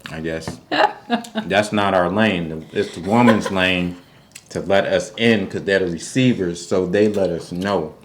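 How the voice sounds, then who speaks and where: A man co-hosting a casual reality TV recap, animated and slangy, jumping into a high voice to act out quotes. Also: measured pace, a little hiss or hum. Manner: informal, slangy. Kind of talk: casual recap chat over a meal.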